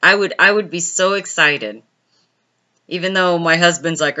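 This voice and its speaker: A woman's voice: lowish voice, normal speed, bright, forceful tone, muffled recording. A woman hosting a casual live stream, chatting and laughing as she answers viewers' comments by name.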